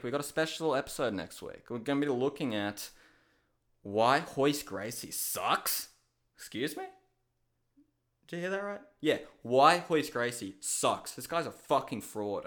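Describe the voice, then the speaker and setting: A man hosting a solo podcast, chatting casually in blunt, excitable rants full of swearing. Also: medium pitch. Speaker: podcast host.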